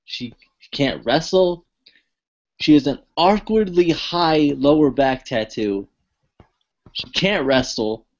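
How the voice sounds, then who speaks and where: A man's voice: a little high, animated, slow pace, long pauses, highs cut off. A man co-hosting a podcast in casual chat, rambling with lots of fillers and restarts. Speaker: podcast co-host.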